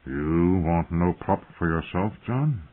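A man voicing a stern, grave middle-aged lord who speaks quietly and seriously in a low, husky voice with a tinny phone-like sound. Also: animated, slow pace.

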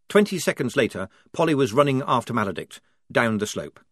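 Expressive male audiobook narrator. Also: medium pitch, dry recording, clean studio sound. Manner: measured, expressive. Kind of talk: scripted narration.

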